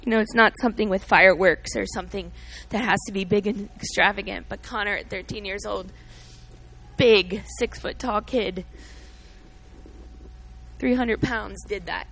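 A woman's voice: medium pitch, moderate pace, a bit bright, husky, rough recording. A middle-aged woman giving an earnest, emotional sermon-style talk, telling a story and teaching from the Bible, calling out to listeners by name. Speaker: speaker at a church gathering.

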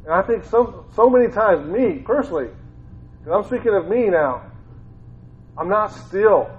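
A former school teacher from Ohio in the United States gives an informal, conversational Bible talk, often repeating his phrases and growing more fervent as he goes. His voice is high with lively intonation and a moderate pace. The recording has a tinny, phone-like sound.

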